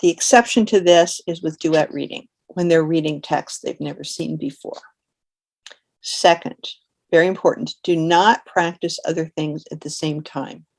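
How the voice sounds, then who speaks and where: Low-voiced woman training volunteer tutors. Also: fairly even intonation, moderate pace, gravelly. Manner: conversational, practical explaining with fillers. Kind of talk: instructional presentation.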